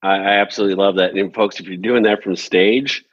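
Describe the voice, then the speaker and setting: A man's voice: deep voice, steady tone, fairly quick, husky. A man hosting an interview, speaking earnestly with many restarts. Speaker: podcast host. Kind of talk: casual interview. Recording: dull dry lo-fi sound.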